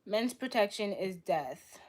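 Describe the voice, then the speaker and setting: Young woman, stream host, blunt and argumentative, answers chat with quick retorts. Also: mid-range voice, animated, darkish tone. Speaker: livestream host. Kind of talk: live stream debate reading chat.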